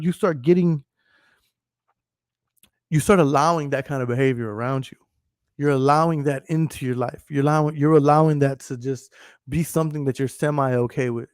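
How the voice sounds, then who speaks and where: A man's voice: on the high side, a little mellow, no room sound, studio quality. A man hosting a podcast, ranting casually and profanely, rambling and laughing often as he talks. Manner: profane, rambling, laughs often, repeats "you know what I'm saying". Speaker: podcast host.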